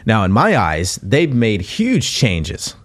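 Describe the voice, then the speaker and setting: A man's voice: lowish voice, huge pitch swings, slow. A man hosting a podcast, giving a conversational motivational talk as a coach, earnest and repeating phrases as he goes. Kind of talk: motivational monologue.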